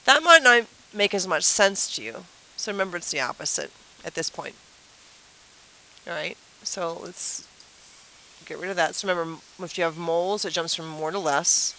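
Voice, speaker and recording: A woman's voice: fairly low pitch, expressive, normal speed, pushed and bright, slight background noise, rough recording. A woman teacher giving a chatty review lesson at a whiteboard, asking the class questions and explaining with playful everyday comparisons.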